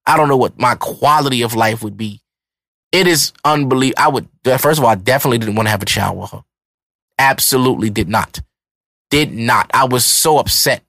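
A man's voice: medium pitch, brisk, fairly bright tone, no echo. A man in his thirties hosting a podcast, ranting in a heated, profane, emphatic monologue. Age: 30s. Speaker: podcast host.

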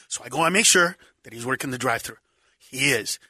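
A man, a comedian, telling a story in casual chat, animated and laughing often, acting out voices. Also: medium pitch, racing, slightly rough, no room sound, clean studio sound. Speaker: stand-up comedian guest.

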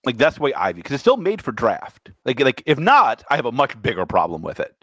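A man co-hosting a casual podcast, jokey and lively in how he talks. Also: quick pace, husky, no echo. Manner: lively, jokey, bursts into high laughs. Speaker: podcast co-host. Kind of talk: casual chat.

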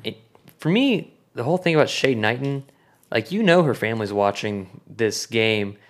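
A man's voice: mid-range voice, moderate pace. A man hosting a casual sports podcast, joking and steering the talk along. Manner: jokey, lively, steers the talk. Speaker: podcast host.

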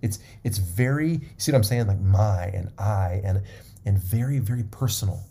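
A man's voice: fairly low pitch, normal speed, gravelly, dark tone, slightly rough. A man preaching a sermon, emphatic and repetitive, often checking in with his listeners.

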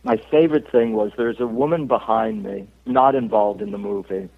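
A man's voice: on the low side, moderate pace, gravelly. A middle-aged man from Cape Cod, an actor being interviewed, telling stories in a chatty way with frequent laughs. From Cape Cod, Massachusetts. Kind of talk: casual interview chat. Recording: tinny phone-like line.

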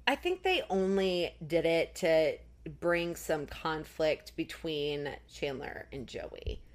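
A woman with a slightly low voice talks through a sitcom episode in loose, casual podcast chat. She fills her sentences with "like" and briefly acts out the characters' lines as she goes. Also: expressive, slow pace. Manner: chatty, recounts scenes with lots of "like". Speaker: podcast co-host.

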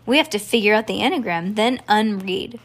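A woman's voice: mid-range voice, lively intonation, fairly quick. Woman voicing an impatient bossy schoolgirl. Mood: thoughtful. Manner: blunt, impatient. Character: bossy skeptical young schoolgirl. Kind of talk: reading a storybook aloud.

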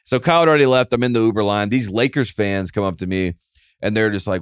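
A man's voice: lowish voice, lively intonation, a little fast, clean tone, dry recording, studio quality. A man hosting a casual sports podcast, rambling and self-mocking, with lots of fillers and restarts. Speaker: podcast host.

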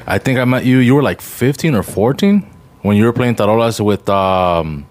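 A man hosting a casual chat, relaxed, asking questions and mixing in Spanish slang. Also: on the low side, normal speed. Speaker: host.

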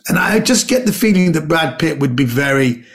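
A man, a comedian and actor, telling animated anecdotes as a podcast guest, often repeating words. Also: on the high side, a little fast. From Britain. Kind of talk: casual storytelling chat.

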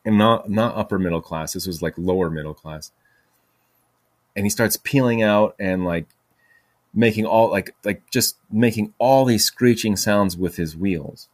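Deep-voiced guy rambling through old stories, lots of "like", super dry sound. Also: a little slow, no echo. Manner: rambling, with many fillers and restarts. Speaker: podcast host. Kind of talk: casual storytelling monologue.

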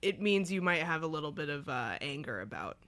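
A woman's voice: sits low, very animated, brisk, fairly bright tone. Giggly chatty young woman. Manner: giggly, chatty, lots of "like" fillers. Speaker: podcast co-host. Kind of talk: casual comedy podcast chat.

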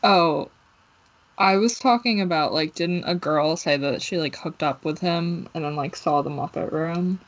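A young woman co-hosting a podcast, chatting in a relaxed way with plenty of fillers. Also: low voice, measured pace, dull audio. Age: young adult. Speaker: podcast co-host. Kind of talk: casual podcast chat.

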